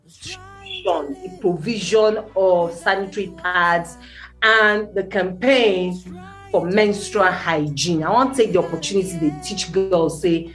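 A woman's voice: medium pitch, expressive, slow pace, a bit bright, faint music behind. Nigerian Pidgin woman telling her story. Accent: Nigerian Pidgin English. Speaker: studio guest. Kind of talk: radio interview in Pidgin.

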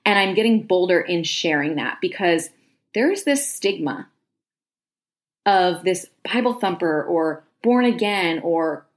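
A woman's voice: on the low side, lively intonation, a little slow. A woman in her thirties, a podcast host telling her personal faith story in a chatty, earnest way, with plenty of "like" and "um".

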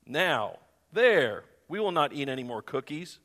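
A man voices an earnest storybook frog who patiently reasons through every problem. His tone is bright and lively, slightly high, and carries a long hall echo. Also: measured pace, heavily acted. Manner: calm, reasoning.

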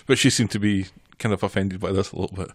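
A man's voice: deep voice, steady tone, fast, no room sound. A man co-hosting a casual podcast chat, dry and bemused as he reacts. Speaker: podcast co-host.

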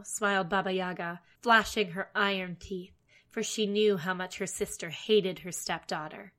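A woman storyteller reading a fairy tale aloud, steady with wry asides. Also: medium pitch, normal speed.

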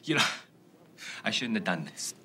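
A man's voice: on the low side, sing-song, moderate pace, sharp tone, heavily acted. An actor playing an awkward, lonely man who stammers through apologies in a film scene. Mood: apologetic. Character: awkward lonely middle-aged man confessing to an old schoolmate. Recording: film audio with faint ambient noise.

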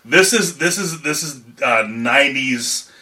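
A man co-hosting a relaxed movie podcast, with a very bright, sharp tone. He talks loosely, swears freely and laughs a lot. His voice sits slightly back from the microphone. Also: mid-range voice, unhurried, distant mic. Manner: loose, profane, laughing often. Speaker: podcast co-host. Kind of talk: casual movie review chat.

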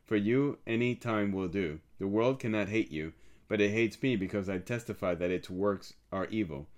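A man reading the words of a solemn male teacher in a scripture reading, earnest and measured. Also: fairly low pitch, natural voice.

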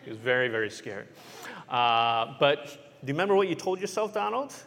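A pastor telling a children's sermon as an animated story, often checking in with his listeners with "right?". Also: medium pitch, normal speed, gravelly, in a large hall.

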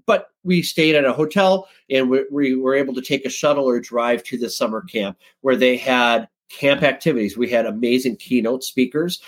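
A man talking as a guest on a podcast, telling stories in a casual, lively way and jumping up in pitch when he gets excited. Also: normal speed, hardly any pauses. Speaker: guest, sales director.

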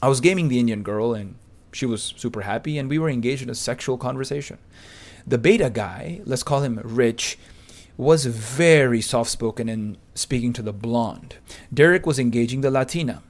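A man narrating a podcast story from a script, with a boastful, pumped-up delivery. He leans on crude slang and gets louder at the exciting parts. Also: mid-range voice, moderate pace. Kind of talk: reading a first-person anecdote aloud.

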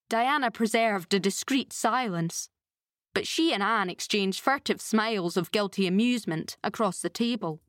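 A woman narrates a classic novel for an audiobook, following a script with a measured, expressive storytelling style. Her voice is medium in pitch, and the recording is clean studio sound with no echo.

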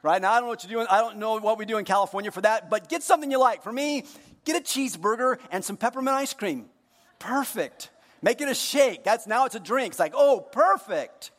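Man preaching, high voice, long hall echo, jokey, hushed lows to loud highs. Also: quick pace. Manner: jokey, talks directly to the congregation. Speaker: pastor. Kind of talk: sermon. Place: church hall.

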